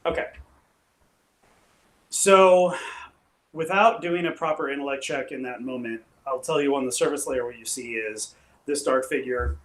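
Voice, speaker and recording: A man running a tabletop game as game master, talking in a relaxed, halting way with many fillers and restarts. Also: medium pitch, roomy sound, low-quality recording.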